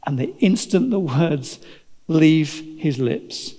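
A man's voice: on the high side, very animated, slow pace, warm tone. A man preaching a sermon, telling the story dramatically and acting out the voices of its characters. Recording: long hall reverb.

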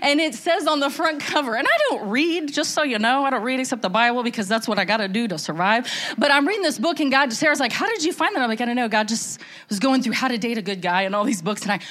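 A woman's voice: a little high, animated, fast talker, a bit bright. A middle-aged woman giving a candid, emotional church testimony, rambling with restarts. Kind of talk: testimony sermon.

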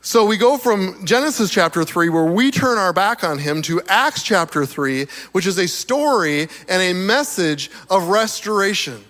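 A slightly hoarse man with a high voice delivers an animated sermon, chuckling between his points. His voice rings with the long reverb of a large hall. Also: moderate pace, hardly any pauses. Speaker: preacher.

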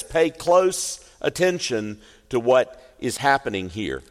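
A male pastor preaching a sermon, telling the story expressively and slowing down for emphasis. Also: mid-range voice, very animated. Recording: echoey hall reverb.

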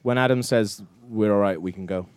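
Quick, deadpan male host. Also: lowish voice, clean tone. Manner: dry, deadpan jokes. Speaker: podcast co-host. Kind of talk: live podcast banter. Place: live stage show before an audience.

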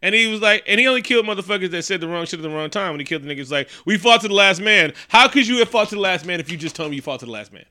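A man with a very bright, smooth voice, talking casually as a podcast co-host. He swears freely and jumps into mock quotes from the film. His delivery is loose and joking. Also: high voice, expressive, very fast, hardly any pauses. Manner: profane, joking, acts out quotes. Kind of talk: casual movie recap chat.

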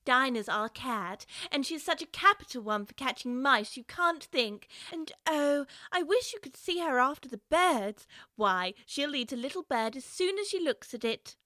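A woman's voice: sits high, very animated, unhurried, fairly bright tone, pitched above the performer's own voice, heavily acted. A woman doing an eager little girl. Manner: eager, earnest.

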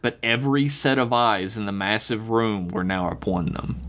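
A man reading his own written story aloud on a podcast, relaxed, slowing down on the eerie details. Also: lowish voice.

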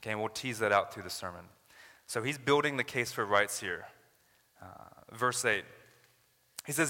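A man's voice: on the low side, expressive, normal speed, long pauses, pushed and bright, in a large hall. A man from Canada preaching a sermon as a pastor, earnest and building to emphatic paraphrases of scripture.

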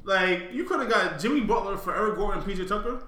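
A man co-hosting a podcast, talking sports in casual chat, excitable and quick, often restarting his sentences. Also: sits high. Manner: fast, excitable, frequent restarts. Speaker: podcast co-host. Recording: roomy echo.

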